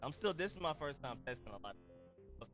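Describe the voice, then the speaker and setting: A man's voice: on the high side, big pitch swings, a little fast, fairly bright tone. Laid-back slangy man hosting a live stream. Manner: laid-back, slangy, chatty while adjusting settings. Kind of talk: casual live-stream chat. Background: faint music.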